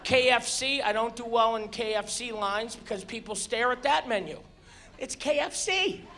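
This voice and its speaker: High-voiced ranting male comedian. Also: moderate pace. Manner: exasperated, ranting, shifts into loud shouts. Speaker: stand-up comedian. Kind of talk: stand-up comedy set. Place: comedy stage before a live audience. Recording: live show with audience laughter and noise.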